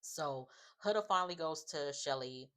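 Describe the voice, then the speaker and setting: Very deep-voiced chatty woman recapping TV. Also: expressive, moderate pace, sharp tone. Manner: chatty, opinionated, often says "just like" and "um". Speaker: reality TV recap vlogger. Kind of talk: casual show recap commentary.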